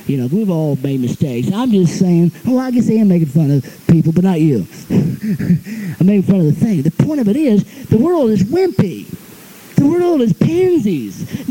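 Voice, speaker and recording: A man's voice: high voice, dark tone, low-quality recording. A middle-aged man preaching a sermon in a folksy, storytelling way, laughing often as he talks.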